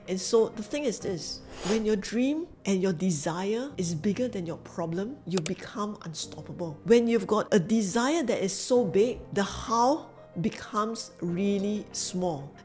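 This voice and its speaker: Speaking to camera in a mid-range, slightly mellow voice, a business coach with a Singaporean English accent shares her motivational story. She's earnest and emphatic and repeats her key phrases.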